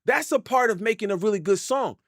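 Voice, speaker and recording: A man doing live stream reaction commentary, animated, repeating himself and laughing often. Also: high-pitched, a little fast, no room sound, clean studio sound. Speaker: hip hop reaction streamer. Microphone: desk mic.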